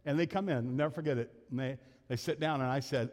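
A man preaches from the pulpit in a casual, storytelling way, often laughing at himself. His voice sits a little on the high side. The sound carries a long reverb from the church hall. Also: moderate pace, long pauses, a little mellow. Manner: conversational, self-deprecating, laughs often. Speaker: pastor. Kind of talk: sermon storytelling. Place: church sanctuary.

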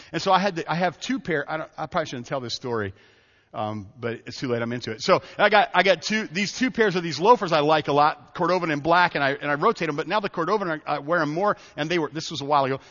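A man's voice: on the high side, fairly bright tone. A middle-aged man preaching a sermon as pastor, telling personal stories in a folksy way and often restarting his sentences. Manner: folksy, storytelling with self-interruptions and laughs. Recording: dull audio with long hall reverb.

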